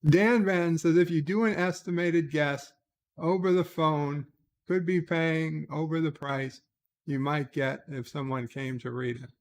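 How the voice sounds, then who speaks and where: Gravelly man reading viewer comments. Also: a little high, fairly even intonation, a little slow. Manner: reads viewer comments aloud and answers in short asides. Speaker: livestream host. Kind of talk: casual livestream chat.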